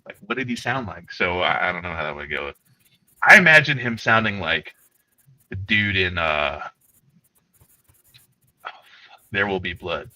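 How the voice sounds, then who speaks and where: A man's voice: low-pitched, a little slow, pauses often, rough recording. A man co-hosting a livestream, telling rambling, profane stories in casual chat. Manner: rambling, profane, animated storytelling. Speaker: co-host.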